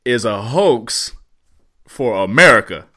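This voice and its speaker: Animated, profane man on a podcast. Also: medium pitch, takes it slowly. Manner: profane, excitable, riffing rants. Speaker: podcast co-host. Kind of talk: casual chat.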